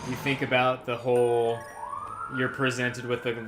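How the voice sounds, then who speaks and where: A man's voice: medium pitch, monotone, moderate pace, music in the background. Rambling, chatty man, frequent laughs. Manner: rambling, laughs often, frequent "you know" fillers. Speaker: let's play co-host. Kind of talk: casual post-game commentary chat.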